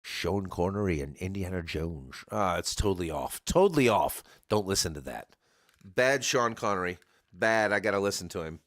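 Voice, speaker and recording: Deep-voiced joking man hosting a livestream. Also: big pitch swings, normal speed, a bit bright, no echo, clean studio sound. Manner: joking, chatty, talks straight to viewers by name. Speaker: livestream karaoke host greeting viewers. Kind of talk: casual rambling chat.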